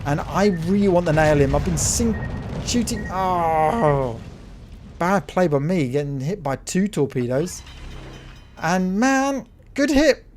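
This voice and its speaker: A man giving excitable play-by-play commentary over a naval battle game replay, cheering his teammate on and talking to viewers as folks. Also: high voice, slow, a little hiss or hum. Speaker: gaming channel host.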